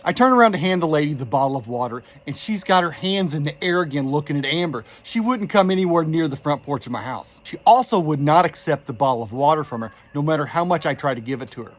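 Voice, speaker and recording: A man telling a creepy true story in a casual, animated way, quoting the people in it with exasperation. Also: a little high, fast talker, hardly any pauses. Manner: animated, exasperated retelling with quoted dialogue.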